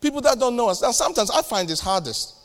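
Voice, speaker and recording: A man with a high, bright voice delivers a lively church sermon, swinging from joking asides to sudden loud punches. He is speaking into a stage mic in a church hall, and the sound carries a long reverb tail. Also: quick pace. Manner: animated, jokey preaching with sudden loud bursts and acted-out dialogues. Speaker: pastor.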